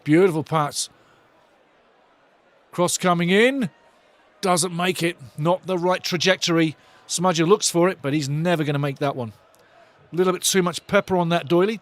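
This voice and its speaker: A man giving excitable, chatty live football commentary as host of a fan watch-along. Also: on the high side, unhurried, long pauses.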